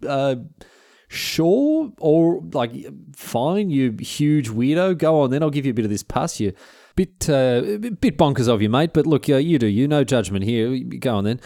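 A man's voice: medium pitch, big pitch swings, normal speed, mellow, no room sound, studio quality. A man voicing a coarse, put-upon milkmaid woman, swearing casually and exasperated.

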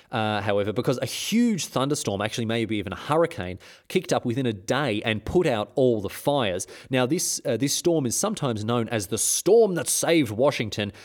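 A man's voice: medium pitch, darkish tone. Irreverent man telling history. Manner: irreverent, joking, many restarts and chuckles. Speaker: history podcast host. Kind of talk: casual history storytelling.

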